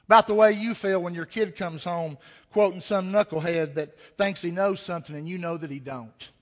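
Preaching in a high voice at an even, moderate pace, a pastor delivers a chatty, folksy sermon. He poses rhetorical questions and tells a homespun tale, and the recording sounds dull and lo-fi, echoing around a hall.

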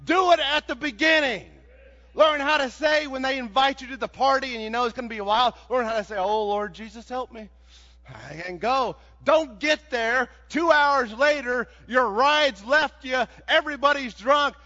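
Preacher guy, high bright voice, big echoey hall, kinda dull sound. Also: moderate pace. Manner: folksy, rising to shouts. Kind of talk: sermon.

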